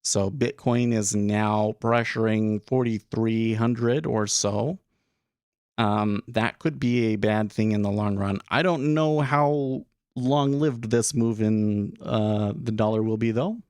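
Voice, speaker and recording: Rambling low-voiced man streaming trades. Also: slow pace, darkish tone, smooth, no echo, studio quality. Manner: rambling, thinking aloud with many restarts. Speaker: day trading streamer. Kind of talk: casual live-stream commentary.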